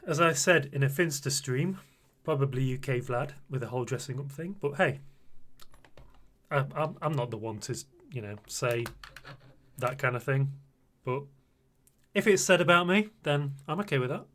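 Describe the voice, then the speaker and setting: Bright-voiced British man in his forties. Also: medium pitch, moderate pace, long pauses. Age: 40s. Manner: chatty and flustered, laughing often. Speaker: streamer. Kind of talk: casual live-stream chat.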